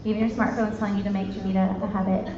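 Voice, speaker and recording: A woman in her thirties giving a chatty, bubbly sales pitch to a live audience, calling them "you guys". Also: flat delivery, very fast, a crowd in the background. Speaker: sales presenter. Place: meeting room with an audience. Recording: echoey, dull lo-fi room recording.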